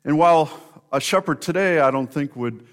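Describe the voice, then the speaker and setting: A man's voice: fairly high pitch, normal speed, a bit bright. A man preaching a sermon, telling stories in a conversational way and speaking directly to members of the congregation. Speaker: pastor.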